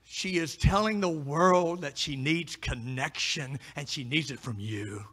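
A middle-aged man preaching with a high, bright voice. He moves from hushed pleading to loud, emphatic exhortation. His delivery is a pastor's full sermon address. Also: a little slow, slightly rough.

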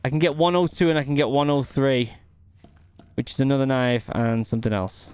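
A man talks his way through a video game, thinking aloud and muttering half to himself as he hunts for the way forward. His voice is smooth and resonant, pitched in the middle for a man. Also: fairly even intonation, fairly quick, a little mellow, no room sound. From United Kingdom. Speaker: gaming channel host. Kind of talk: gameplay commentary.

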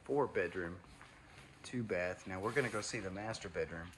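Deep-voiced man touring a house. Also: moderate pace, a little hiss or hum. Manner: casual, enthusiastic, addresses viewers as y'all. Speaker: home tour host. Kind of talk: walkthrough home tour narration. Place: inside a new house.

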